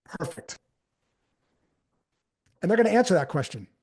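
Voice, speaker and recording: A man coaching a sales team live on stage, energetic and conversational, acting out phrasings as he goes. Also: high-pitched, moderate pace, husky. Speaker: sales trainer. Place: on stage before an audience.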